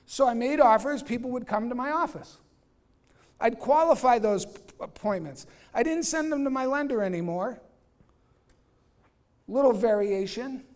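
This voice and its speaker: A man's voice: very high-pitched, moderate pace, pauses often. New guy coaching realtors, punchy and blunt, acts out the conversations. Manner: energetic, acts out dialogues, asks audience questions. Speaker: real estate trainer. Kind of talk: live training talk to agents.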